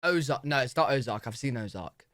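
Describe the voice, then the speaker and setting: A young British man reacting to video clips in a casual, excitable, slang-heavy way. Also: mid-range voice, brisk, dry recording, clean studio sound. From Britain. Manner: excitable, slangy, says "bro" a lot.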